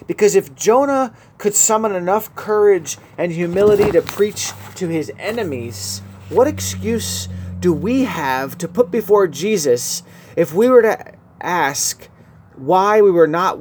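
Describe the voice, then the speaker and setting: Earnest radio preacher, man, slightly high voice. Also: a little mellow. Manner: earnest, rising to emphatic peaks. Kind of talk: sermon.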